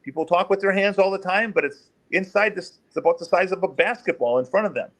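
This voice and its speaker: A middle-aged man, a former police officer, telling case stories in an interview and acting out the quoted voices. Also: fast. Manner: animated, acts out quotes in raised pitch. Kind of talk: storytelling in an interview.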